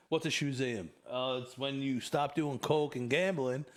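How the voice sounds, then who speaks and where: A podcast host with a medium-pitched, unhurried voice leads a casual chat. He tells crude stories in an animated way, full of swearing and laughter.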